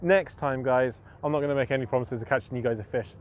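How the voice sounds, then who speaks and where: A man's voice: medium pitch, steady tone, fast. A man chatting casually on his fishing live stream as host, self-mocking and full of fillers and restarts.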